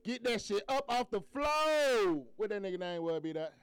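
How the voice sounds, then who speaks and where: Man, podcast host, hyped and profane banter, high clear voice. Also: sing-song, moderate pace, no room sound. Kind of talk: casual podcast intro.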